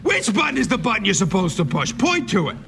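A man's voice: high voice, huge pitch swings, fast talker, vocal fry, voice pushed up, heavily acted. A man doing a shrieking frantic lady producer. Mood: exasperated shrieking. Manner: screaming, exasperated.

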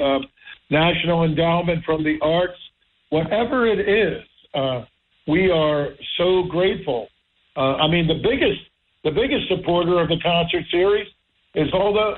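A man's voice: high-pitched, phone-quality sound, slight background noise. A male radio show host in casual talk show chat, enthusiastic and repeating himself as he searches for words.

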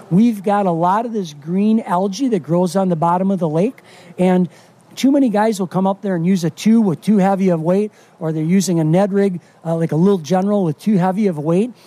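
A man's voice: high voice, dark tone. A middle-aged man from Wisconsin, a fishing guide talking in a casual radio interview, folksy and enthusiastic with lots of fillers.

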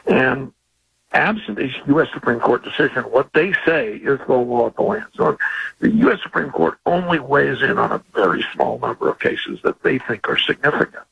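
Gravelly, raspy former prosecutor explaining law. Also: male voice, medium pitch, lively intonation, phone-quality sound. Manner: measured, explanatory, with fillers. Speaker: legal guest, former district attorney. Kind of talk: explaining on a radio interview.

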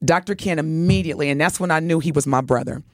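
A woman's voice: low voice, quick pace, a little mellow, no room sound, studio quality. A woman co-hosting a radio talk show, telling a story in an earnest, heartfelt way. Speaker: radio co-host.

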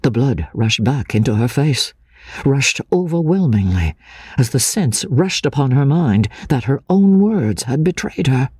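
A man narrating an audiobook in the first person, earnest and expressive. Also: medium pitch, unhurried, breathy edge, no room sound, clean studio sound.

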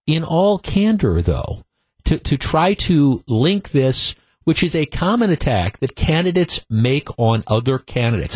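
A man hosting a political talk radio show, speaking with many halting restarts into a studio microphone. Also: a little high, sing-song, darkish tone, slightly rough, dry recording.

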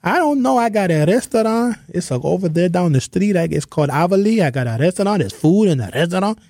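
A man's voice: sits high, expressive, fast, fairly bright tone, no echo, clean studio sound. A man doing a comic impression of an immigrant basketball player who speaks in broken English with short, choppy sentences. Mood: mocking. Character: male immigrant pro basketball player, boastful and rambling.

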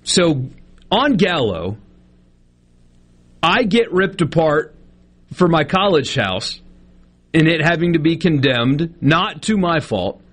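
A man's voice: on the high side, very animated, takes it slowly, pauses often, fairly bright tone, husky. A man, co-hosting a sports radio show in casual, joking banter. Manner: joking, self-deprecating banter.

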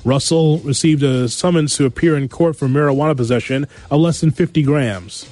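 A man hosting a sports radio show, reading news items and adding quick wisecracks. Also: on the high side, a little mellow, no echo. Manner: wisecracking, quick asides after each story.

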